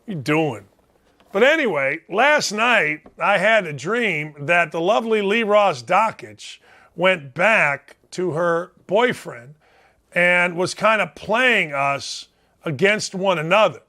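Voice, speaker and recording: A man hosting a sports talk show, ranting in a loud, blustery, rambling way and turning combative. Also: high voice, lively intonation, takes it slowly. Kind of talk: opinionated sports radio rant.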